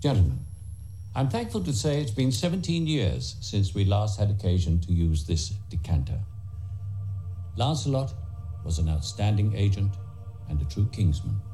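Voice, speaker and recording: An actor playing an older male spymaster who leads a secret agency, speaking in a formal, measured way. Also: fairly low pitch, sing-song, warm tone, soft background music. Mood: solemn. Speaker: head of a secret agent organisation. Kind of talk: film dialogue.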